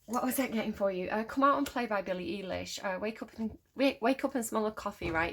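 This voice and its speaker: A woman's voice: mid-range voice, a little fast, background noise. A woman doing a casual tarot reading at home, chatty and rambling, with lots of fillers and a hyper, giddy energy. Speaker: tarot card reader.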